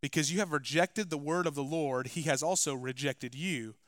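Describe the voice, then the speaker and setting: A male pastor preaching a sermon, climbing to loud, emphatic passages and dropping to quiet asides. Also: on the high side, normal speed, dry recording, studio quality. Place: church.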